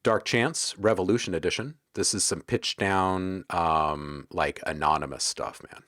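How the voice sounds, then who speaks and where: A man hosting a casual livestream, chatting with viewers in a relaxed, joking way while browsing sound packs. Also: low voice, a little slow, no echo, studio quality. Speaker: livestream host.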